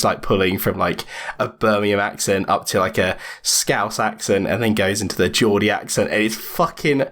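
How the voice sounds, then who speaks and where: Low-voiced swearing English man. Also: a bit bright. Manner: enthusiastic, laughing, swears often. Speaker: podcast co-host. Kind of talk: casual chat.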